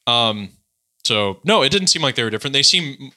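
A man from California chatting casually on a podcast, relaxed and joking, wandering through his thoughts. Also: medium pitch, a little fast. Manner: relaxed, joking, rambling with fillers. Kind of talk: casual chat.

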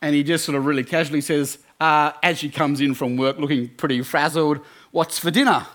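A man giving a sermon talk at a student camp, telling stories in an animated way with many restarts. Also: on the high side, a little fast. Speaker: camp speaker.

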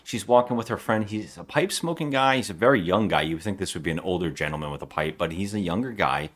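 A man co-hosting a movie podcast, recounting scenes in animated casual chat. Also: deep voice, quick pace. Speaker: podcast co-host.

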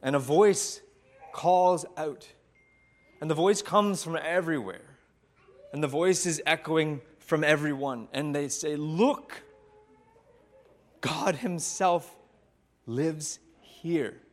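Male pastor telling a sermon story, unhurried, reflective, with long pauses. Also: a little high. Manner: slow, reflective, with dramatic pauses.

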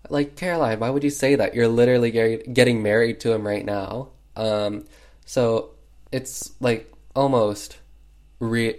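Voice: mid-range voice, a little mellow. A film reviewer recapping a movie in casual chat, full of fillers and sarcastic asides.

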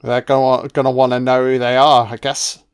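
A man's voice: medium pitch, completely flat delivery, normal speed, smooth. A man giving a casual, profane running commentary on a film, making admiring asides as he watches.

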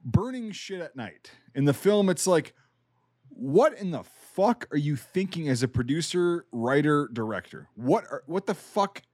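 A man's voice: a little high, animated, measured pace, a little mellow, dry recording, studio quality. A man hosting a casual podcast, talking bluntly and sardonically with plenty of swearing. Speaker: podcast host, former National Guard soldier.

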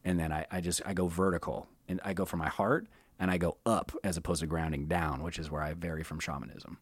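A man talking casually as a podcast guest, animated and profane, slipping into quick mocking voices. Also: deep voice, husky, dry recording. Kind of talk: casual chat.

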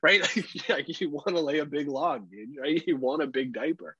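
Profane, husky-voiced dad on a podcast. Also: male voice, on the high side, normal speed, dry recording, dull audio. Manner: profane, animated storytelling. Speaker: podcast co-host. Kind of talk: casual chat.

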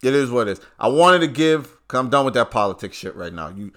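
A man's voice: medium pitch, quick pace. Profane man ranting. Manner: animated, profane, streetwise slang. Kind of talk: casual profane rant.

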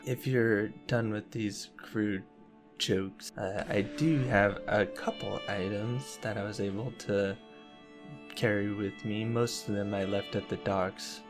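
A man narrating a tabletop game as game master, unhurried and hesitant, with many fillers. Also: on the low side, steady tone, music in the background. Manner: slow, hesitant delivery with fillers.

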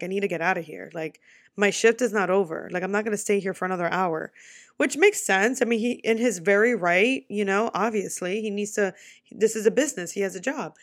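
A young woman from the United States tells a personal story straight to camera, talking fast in lively bursts and swearing freely. Her voice sits at an ordinary pitch and sounds close and dry, with no room echo. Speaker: vlogger. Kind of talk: casual storytelling.

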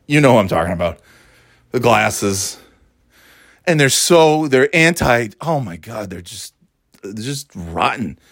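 A man's voice: medium pitch, dry recording, clean studio sound. A man hosting a podcast, ranting angrily and sarcastically with lots of profanity. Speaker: podcast host. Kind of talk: angry ranting monologue.

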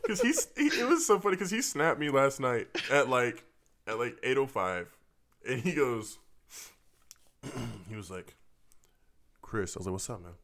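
A man's voice: medium pitch, sing-song, measured pace, long pauses, a bit bright. Joking young man on a podcast. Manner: laughs while telling stories, crude joking. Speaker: podcast co-host. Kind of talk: casual podcast banter.

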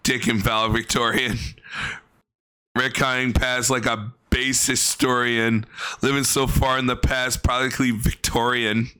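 A man's voice: medium pitch, level tone, a little slow, pushed and bright, smooth. A man giving blunt, profane commentary on a livestream, ranting in exasperation.

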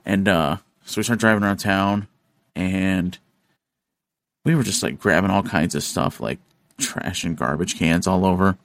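A man hosting a podcast, telling a story in casual chat, animated and profane, acting out the voices of the people in it. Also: low voice, measured pace, no room sound, studio quality. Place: studio.

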